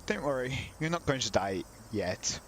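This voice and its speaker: A man's voice: medium pitch, lively intonation, normal speed, fairly bright tone, slight background noise, low-quality recording. A man reading a visual novel's narration aloud during a let's play, breaking off into wry, casual comments. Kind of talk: reading game text aloud with casual asides.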